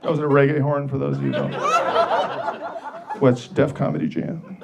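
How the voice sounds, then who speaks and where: A man's voice: fairly high pitch, huge pitch swings, measured pace, vocal fry, heavy background noise. A man telling a profane story in a stand-up comedy set, brash and laughing along as he goes.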